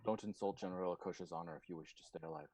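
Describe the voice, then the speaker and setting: A man's voice: low voice, steady tone, racing, darkish tone, slight background noise, voice pushed down, natural voice. A man voicing a tough, intense female healer in a tabletop game, speaking curtly and bluntly. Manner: curt, blunt. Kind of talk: tabletop game role-play.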